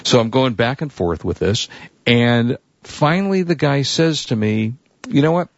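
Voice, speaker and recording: A man's voice: mid-range voice, sing-song, a little slow, creaky, no room sound. A man hosting a tech news show, telling a rambling story and acting out the people he quotes. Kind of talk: casual chat, long anecdote. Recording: dull lo-fi dry sound.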